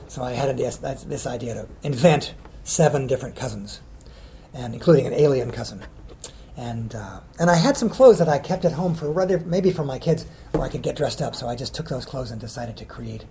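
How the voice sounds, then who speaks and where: A man's voice: mid-range voice, expressive, normal speed, mellow, a little hiss or hum. Rambling middle-aged male poet. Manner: rambling, hesitant with ums. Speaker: children's poet. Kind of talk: casual interview answers.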